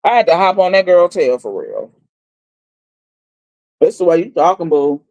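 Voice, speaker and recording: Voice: medium pitch, lively intonation, moderate pace, darkish tone, no room sound. A livestream host giving a blunt, profane story recap and repeating lines for emphasis.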